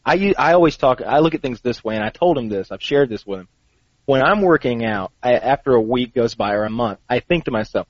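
A man's voice: mid-range voice, lively intonation, a little fast, no room sound. A man encourages a friend about his training progress, rambling and restarting as he goes. His voice is dry and close, with a slightly dull, lo-fi quality. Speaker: fitness mentor. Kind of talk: earnest group conversation.

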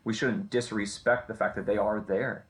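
A man co-hosting a casual Christian conversation, telling a story with lively quoted voices. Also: on the low side, normal speed, over a noisy crowd. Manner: animated storyteller who acts out quoted voices.

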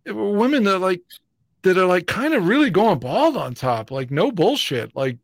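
A middle-aged man in loose, crude podcast banter, swearing freely and rambling through fillers. His voice sits a bit high for a man. The sound is close and dry, with no room around it. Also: very animated, normal speed, dry recording. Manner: blunt, profane, rambling with many fillers. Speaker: podcast co-host.

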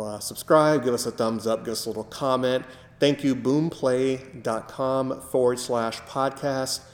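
A man co-hosting a casual podcast, telling stories with lively acted-out quotes. His voice sits at an ordinary pitch for a man. The room is echoey, and the reverb rings on for a long time. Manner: animated storyteller, acts out quotes. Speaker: podcast co-host. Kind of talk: casual chat.

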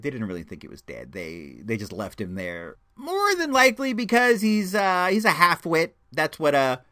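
A man's voice: medium pitch, pushed and bright. A man reviewing a movie in a casual, chatty way, rambling with many restarts. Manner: enthusiastic, chatty.

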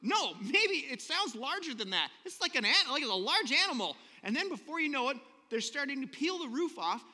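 A man preaching a sermon, telling a story in an animated, joking way with little voices for the characters. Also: extremely high pitch, moderate pace, few pauses. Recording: long hall reverb.

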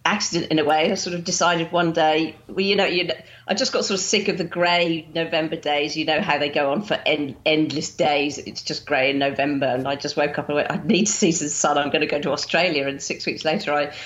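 A woman's voice: low-pitched, fairly even intonation, a little fast, hardly any pauses, fairly bright tone, dull audio. A middle-aged woman with an English accent, a guest on a podcast, talking in a chatty, easy way with lots of "sort of" and frequent laughs. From England. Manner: chatty, laughs often, many "sort of" fillers. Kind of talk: casual interview.

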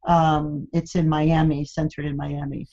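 An older woman with a low voice tells family stories in a chatty, laughing way. The recording sounds dull and a little lo-fi. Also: level tone, a little slow, dark tone. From Florida, USA. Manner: chatty storyteller, laughs often. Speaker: guest. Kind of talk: casual interview chat.

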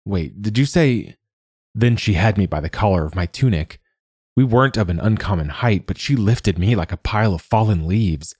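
Male narrator, low husky voice, measured wry first-person storytelling, dry close sound. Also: darkish tone, no room sound.

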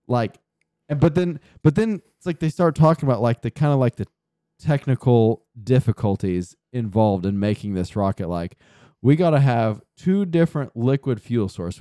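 Animated, foul-mouthed man ranting. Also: mid-range voice, normal speed, clean tone, no room sound, studio quality. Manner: animated, sarcastic, heavy swearing. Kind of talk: casual podcast chat.

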